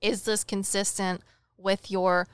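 Smooth-voiced woman telling a story. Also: medium pitch, slow, dry recording. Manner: animated, jokey, acts out dialogue in quotes. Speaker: podcast co-host, psychic medium. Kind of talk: casual storytelling chat.

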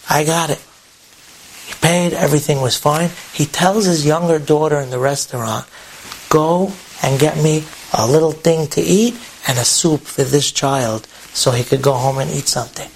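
A man's voice: on the high side, slight background noise, rough recording. A man telling an inspirational story to an audience in a casual, conversational way with asides.

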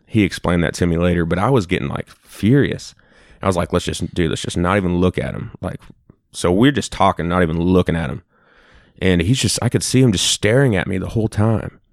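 A young man in his twenties casually telling a profane, animated story on a podcast. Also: sits low, brisk, no room sound, studio quality.

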